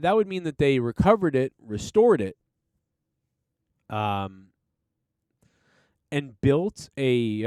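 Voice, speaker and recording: A man's voice: medium pitch, darkish tone, clear, resonant tone, no echo, clean studio sound. A man hosting a podcast, casually reviewing a TV episode in an enthusiastic, rambling way with some swearing. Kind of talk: casual solo review chat.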